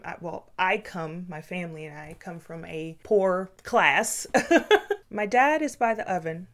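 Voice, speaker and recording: A young adult woman telling personal stories late at night in a candid, casual way, swearing freely and correcting herself as she goes. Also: mid-range voice. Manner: soft, reflective delivery. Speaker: vlogger. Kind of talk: late-night confessional storytelling.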